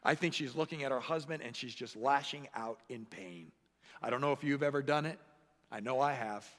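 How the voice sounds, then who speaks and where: Forceful male pastor in echoey hall. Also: mid-range voice, a little fast. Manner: animated, acts out voices and quotes. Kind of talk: sermon. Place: church sanctuary.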